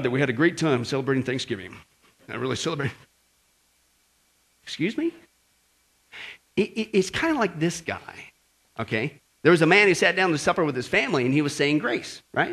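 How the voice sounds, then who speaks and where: Male pastor, sermon, high and bright voice, swooping lively delivery, peppered with "okay?". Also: slightly rough. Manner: animated preaching with frequent "okay?" and "right?" asides.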